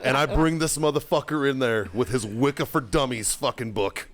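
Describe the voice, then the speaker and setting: A middle-aged man, a podcast host, telling a profane story in casual chat, shouting when he quotes himself. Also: mid-range voice, moderate pace.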